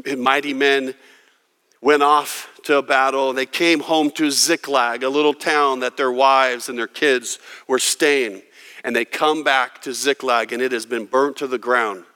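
Male pastor preaching with bright, forceful energy in a large reverberant sanctuary; dramatic, acts out the prayers. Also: medium pitch. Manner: dramatic, voicing quoted prayers with rising intensity. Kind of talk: sermon. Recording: long hall reverb.

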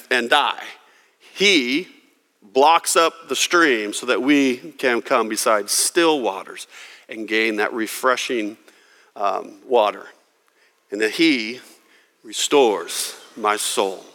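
Man preaching with bright, forceful delivery. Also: mid-range voice. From California. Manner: storytelling, emphatic with dramatic pauses. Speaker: pastor. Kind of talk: sermon. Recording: long reverb of a large hall.

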